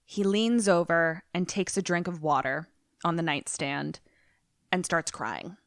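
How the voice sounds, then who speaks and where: A woman podcast co-host in casual chat, retelling a film in a profane, animated way. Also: lowish voice, measured pace, no echo, studio quality.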